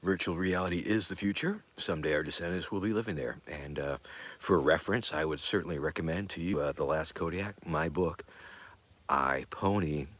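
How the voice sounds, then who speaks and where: A man hosting a loose, chatty live stream in an extremely deep voice. He rambles in an offhand way, fills gaps with ums and uhs, and often sinks into a low mutter or whisper. His tone is husky and breathy. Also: normal speed, fairly bright tone. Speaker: show host. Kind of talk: casual live-stream chat.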